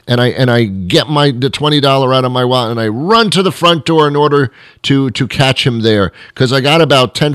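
Low-voiced guy rambling through a comic monologue, keeps restarting, deadpan asides, dry sound. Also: no room sound. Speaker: show host. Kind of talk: comedic monologue.

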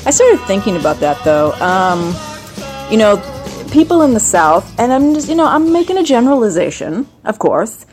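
Lively chatty woman hosting a comedic monologue. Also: mid-range voice, normal speed, faint music behind. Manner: chatty, jumps into playful accent impressions. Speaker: host.

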